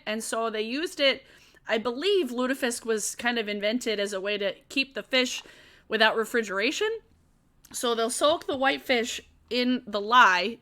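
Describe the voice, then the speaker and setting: A young woman hosts a relaxed live-stream Q&A, reading out chat questions and answering them off the cuff. Her voice is bright and a little high, and she laughs easily and swears without a second thought. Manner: chatty, laughs often, swears casually.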